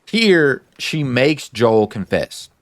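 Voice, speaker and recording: A man's voice: medium pitch, very animated, drawn-out words, no echo. A man casually recapping a TV episode, retelling scenes with lots of "like"s and adding his own opinions. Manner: chatty, many filler "like"s, retells scenes then gives opinions. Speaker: show recap host.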